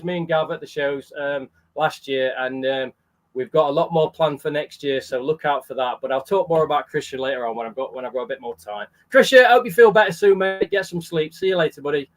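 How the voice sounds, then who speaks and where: A man hosting a charity livestream in a casual, chatty way, greeting viewers by name. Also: on the high side. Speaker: livestream host.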